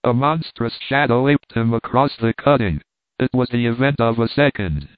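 A man reading a novel aloud in an even, measured narration. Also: mid-range voice, no room sound. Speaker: audiobook narrator. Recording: tinny phone-like dry sound.

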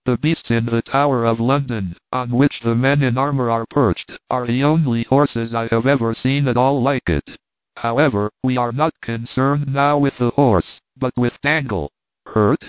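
A man's voice: medium pitch, steady tone, moderate pace, no room sound. Man narrating over a tinny line. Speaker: audiobook narrator. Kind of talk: scripted narration of a novel. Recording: tinny phone-like dry sound.

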